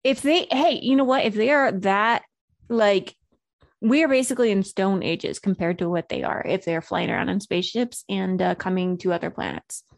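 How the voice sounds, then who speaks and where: A woman's voice: medium pitch, lively intonation, moderate pace, creaky, dry recording. A woman co-hosting a casual podcast, chatty and a bit sweary, breaking into silly sound effects. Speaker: podcast co-host. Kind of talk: casual chat.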